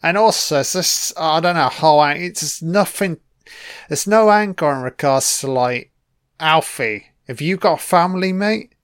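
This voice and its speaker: A man's voice: a little high, a little slow, smooth, no room sound, clean studio sound. Swearing man doing film commentary. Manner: swears freely, rambling asides, chuckles.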